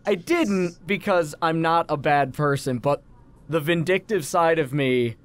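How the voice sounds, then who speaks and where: A man co-hosting a let's play with a slightly high-pitched voice, chatting casually while he plays. He tells stories in a rambling, anecdotal way. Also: a little slow, clean tone. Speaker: co-host of a let's play channel. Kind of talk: casual gaming chat, storytelling.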